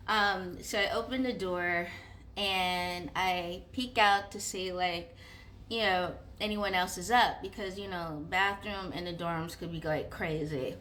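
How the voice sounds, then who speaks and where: Bright-voiced woman telling a story. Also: mid-range voice, slight background noise. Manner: animated, with many fillers and acted-out inner dialogue. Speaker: vlogger. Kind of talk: casual storytelling.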